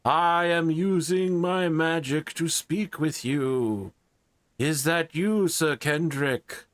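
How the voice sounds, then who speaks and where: A pained, high-voiced king calls out through an enchanted blade, as a man puts him on at the game table. He speaks slowly and with formality, weighing each word. It is a tabletop game voice with a clear regal tone. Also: fairly bright tone, no echo. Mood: regal, grave. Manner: slow, formal, regal speech. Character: ailing male king speaking by magic through an axe.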